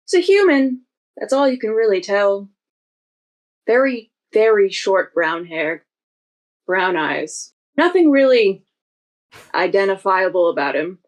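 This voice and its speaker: A woman narrating a tabletop game as game master, vivid and unhurried. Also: medium pitch, very animated, low-quality recording.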